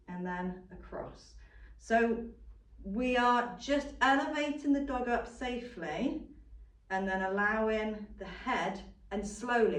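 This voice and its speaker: A woman dog trainer explains a technique step by step with patient, repeated reminders. Her voice sits at an ordinary middle pitch. It comes across roomy and a little distant from the mic. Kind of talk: instructional demonstration.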